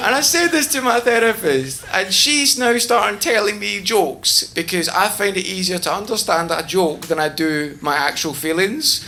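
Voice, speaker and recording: Animated Glaswegian stand-up comic. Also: male voice, high voice, normal speed, hardly any pauses. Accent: Scottish, Glasgow. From Scotland. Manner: animated, laughing storyteller. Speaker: stand-up comedian. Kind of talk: stand-up comedy. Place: comedy club stage.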